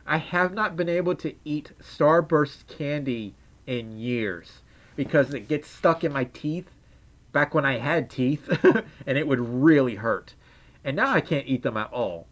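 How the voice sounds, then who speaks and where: A young adult livestreamer chatting casually with viewers in a put-on Southern drawl, rambling and laughing often. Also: medium pitch. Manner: giggly, rambling, frequent laughs. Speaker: livestreamer reading chat. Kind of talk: casual live stream chat.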